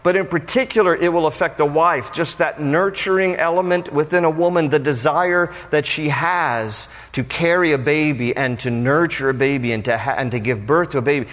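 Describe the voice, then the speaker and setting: Male pastor, animated sermon delivery with playful asides, slightly high voice, long reverb of a church hall. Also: normal speed, few pauses.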